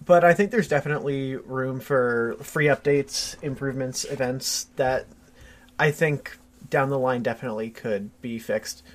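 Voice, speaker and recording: A young man co-hosting a podcast, explaining his views in an easygoing way with many fillers. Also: mid-range voice. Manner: measured, explanatory, hedging with fillers. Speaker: podcast co-host. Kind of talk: casual chat.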